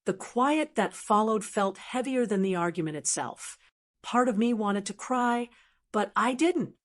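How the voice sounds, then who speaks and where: A woman in her sixties telling a first-person story in a steady, measured scripted narration. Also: medium pitch. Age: 60s.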